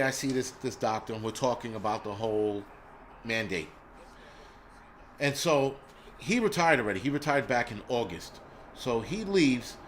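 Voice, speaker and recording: A man's voice: mid-range voice, slight background noise. A middle-aged man, hosting a live stream in casual chat, blunt and profane as he vents.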